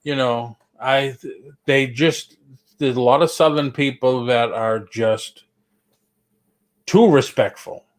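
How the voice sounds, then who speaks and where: A man's voice: mid-range voice, takes it slowly, pauses often. Chatty man with a Boston accent. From Boston area. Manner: chatty, storytelling, slips into quoted voices. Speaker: co-host. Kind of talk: casual live-stream chat.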